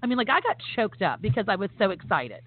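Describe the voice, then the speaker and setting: A podcast co-host chats casually at a quick pace, her medium-pitched voice very animated. Her talk is enthusiastic, emphatic, and full of fillers, and the sound is phone-like with a bit of faint noise.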